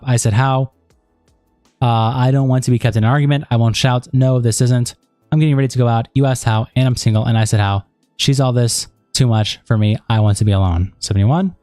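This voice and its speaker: A man streaming, reading chat logs aloud at a steady pace and breaking off into rambling casual asides full of fillers. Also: medium pitch, no room sound, studio quality.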